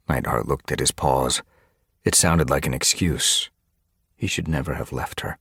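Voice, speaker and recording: A man narrating an audiobook with steady storytelling. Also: a bass voice, a little slow, creaky, breathy edge, no room sound, studio quality. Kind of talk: scripted narration.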